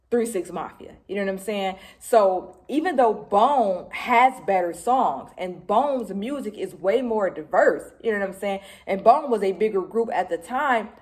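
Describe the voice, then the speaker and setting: A middle-aged woman from Detroit, a music vlogger telling a casual recap to her phone camera, lively, swearing freely and acting out what people said. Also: mid-range voice. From Detroit, USA.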